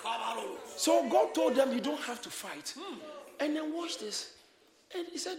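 A man preaching a sermon, shouting and exhorting his congregation in call-and-response. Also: very high-pitched, very animated, unhurried, pauses often. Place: church hall with congregation. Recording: echoey church hall, crowd behind.

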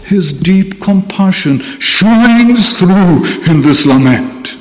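Slow-preaching man in a reverberant hall. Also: sits high. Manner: slow, deliberate preaching with emphatic repetition. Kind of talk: sermon.

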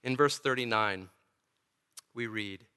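A man's voice: medium pitch, slow, bright, forceful tone, smooth. A male pastor preaching a sermon in a church, earnest and emphatic, with touches of dry humor. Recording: long church reverb.

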